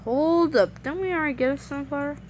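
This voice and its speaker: A woman giving casual gameplay commentary, excitable and rambling, often repeating words when flustered. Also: high voice, a little fast, a little hiss or hum.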